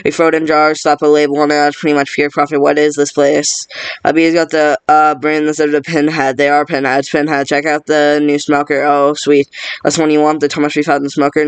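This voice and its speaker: Reading a whole film script aloud at speed, a man performs every part in a flat manner. His pitch is fairly high and his tone clear and resonant with no echo; he stumbles and starts words over as he rattles along.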